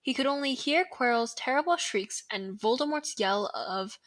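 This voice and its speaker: A young woman, a student and guest reader, reading a novel aloud in an expressive, dramatic way. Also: a little high, normal speed. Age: teens or young adult.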